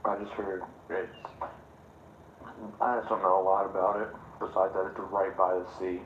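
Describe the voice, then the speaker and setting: A deep-voiced man chatting on a stream, hesitant and halting as he gathers his thoughts. His low voice rings in an echoey room, with a slightly dull, muffled sound. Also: flat delivery, a little hiss or hum. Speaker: guest co-host. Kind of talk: casual chat.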